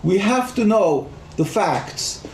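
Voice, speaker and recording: Echoey measured rabbi, man. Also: sits high, lively intonation, darkish tone, a little hiss or hum. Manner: measured, prayerful. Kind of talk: speech at an online rally.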